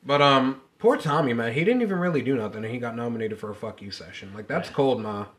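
This man speaks fast in a mid-range voice, with slight background noise in the recording. As co-host of a casual podcast, he swears freely and animatedly recounts family stories, acting out what each person said.

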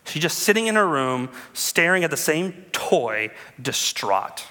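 A man in his thirties, a pastor preaching a sermon with animated storytelling and calls to the congregation. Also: a little high, a little slow, in a large hall.

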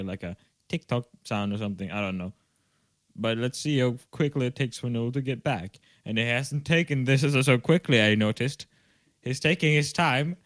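A young man talks casually on a podcast, rambling loosely from one joke to the next and cursing freely. He speaks at a middle pitch for a man. The sound is dry and close, with no room echo. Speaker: podcast co-host. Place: home room. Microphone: video call.

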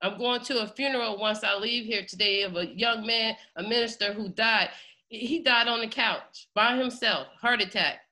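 A woman's voice: on the high side, moderate pace, pushed and bright. A woman hosting a congregation, preaching with fervent, pleading emotion and close to tears. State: near tears. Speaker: congregation host. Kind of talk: impassioned preaching.

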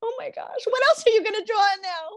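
A woman's voice: extremely high pitch, expressive, brisk, a bit bright, no echo, voice pushed up. A woman acting out an overjoyed friend who is hearing great news, gasping and repeating her exclamations. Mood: ecstatic. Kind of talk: acted demonstration.

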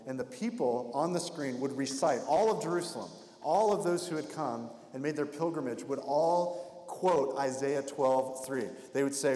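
A man's voice: on the high side, darkish tone. A man preaching a sermon in a conversational way, acting out the voices of people in the story. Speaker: pastor. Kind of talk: expository sermon. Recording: echoey hall with long reverb.

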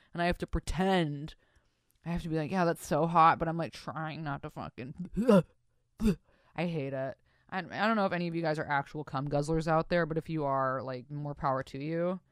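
Reading out stories sent in by listeners, this slightly low-voiced female podcast host talks in a loose, profane, crude way. She regularly interrupts herself with over-the-top, mock-disgusted reactions. The audio is close-miked with no room sound at all.

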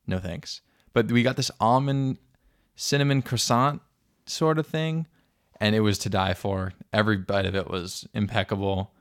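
A man's voice: on the low side, moderate pace, clear, resonant tone, no echo, studio quality. A young American man co-hosting a podcast, telling stories in an enthusiastic, casual way. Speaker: podcast co-host. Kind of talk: casual chat.

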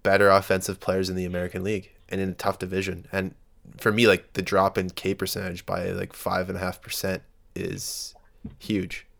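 A man's voice: low-pitched, monotone, normal speed, vocal fry, fairly bright tone. A man co-hosting a casual sports podcast, laid-back and a little hesitant. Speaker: podcast co-host.

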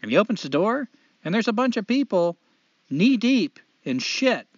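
A man hosting a casual chat, lively and laughing often as he tells a joke. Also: high-pitched, moderate pace, dry recording. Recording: dry, dull sound.

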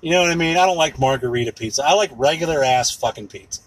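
A man's voice: fairly high pitch, fast, breathy edge, dry recording, low-quality recording. A middle-aged man hosting a casual solo podcast, ranting with heavy profanity. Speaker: podcast host.

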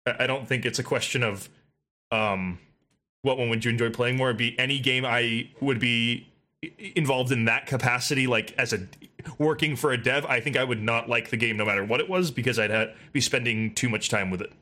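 A man co-hosting a casual podcast chat, talking quickly and stumbling over repeated words as he works out his point. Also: mid-range voice, pushed and bright.

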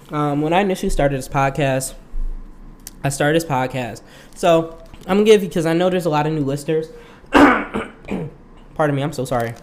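A man's voice: on the high side, darkish tone. A young man hosting his own podcast, talking casually in a rambling way and laughing often. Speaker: podcast host. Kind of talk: casual solo podcast monologue.

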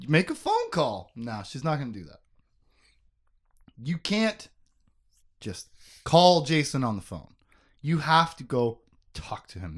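This is a man hosting a relaxed book-talk show. His voice sits at an ordinary middle pitch but swings widely up and down as he gets animated. He keeps the recap lively with jokes and side comments. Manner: animated, joking, quick asides. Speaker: podcast host. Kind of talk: casual book discussion.

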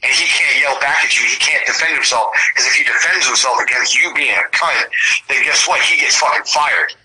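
A man's voice: medium pitch, brisk, husky, low-quality recording. A young man from the Seattle area telling rambling, profanity-laced stories in casual chat. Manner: profane, rambling, animated storyteller.

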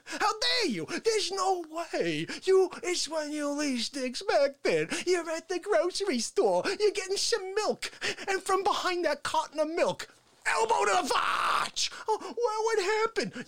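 Woman playing a brash male show host, blustering, mock-threatening, high voice, drawn-out delivery. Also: big pitch swings, heavily acted. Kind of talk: comedic character sketch.

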